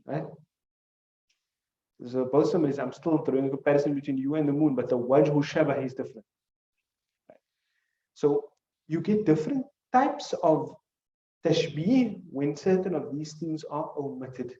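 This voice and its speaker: A man's voice: mid-range voice, moderate pace, long pauses, mellow, reverberant, far from the mic, highs cut off. A male teacher gives a classroom lecture, explaining with examples and putting questions to his students.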